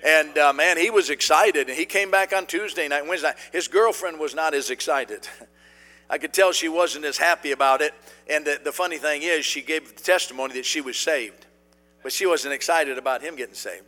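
A man preaching a sermon, telling a story in a folksy, animated way with many fillers and restarts. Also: on the high side, a little fast, in a large hall.

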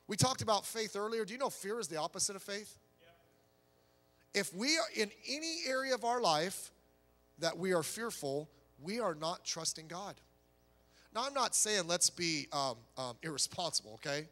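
A male pastor delivers a sermon in a high, bright voice. He preaches conversationally yet emphatically and throws rhetorical questions at his listeners. His words ring out with a long reverb in a large hall.

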